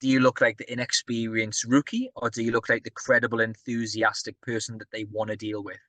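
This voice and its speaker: A man giving an energetic, conversational business talk, often turning to the audience with questions. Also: mid-range voice, brisk, no room sound. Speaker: property business speaker.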